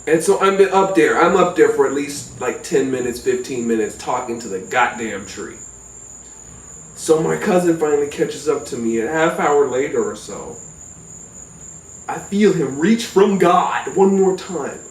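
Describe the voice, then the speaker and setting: Animated, profane man telling a story. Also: a little high, a little slow, recorded from a distance. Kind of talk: comic personal storytelling. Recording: roomy echo, off-mic.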